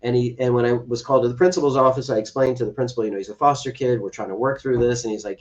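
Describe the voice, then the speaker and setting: An adoptive father on a podcast talks very fast with few pauses, his mid-range voice fairly even in intonation. As an interview guest, he recounts an earnest personal story and dramatizes the quoted dialogue. The podcast audio is distant and a touch dull.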